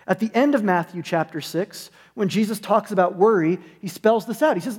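A man's voice: high-pitched, a little fast, few pauses, darkish tone. A man preaching as a pastor in a sermon, conversational with humorous asides, in a church sanctuary. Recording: long hall reverb.

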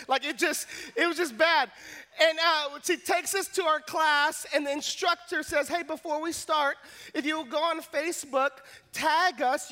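Young man, preacher, very high voice, self-mocking storyteller. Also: pushed and bright. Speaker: pastor. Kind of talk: sermon with humorous story.

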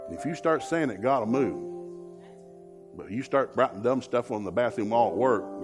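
A man preaching a lively, joking sermon as a guest speaker, with a husky voice. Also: medium pitch, brisk, music in the background.

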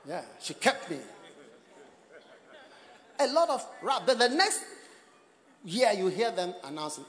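A man preaching a sermon in a lively, mocking style that rises to shouts. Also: high voice, normal speed, pauses often, big-room sound. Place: church service with live congregation. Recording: noisy live church recording with crowd. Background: congregation laughing.

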